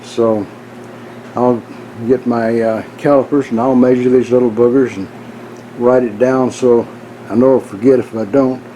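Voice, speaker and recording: A man casually narrating machining work in his workshop, folksy and relaxed, ending with a told joke. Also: medium pitch, a little slow, a little hiss or hum, low-quality recording.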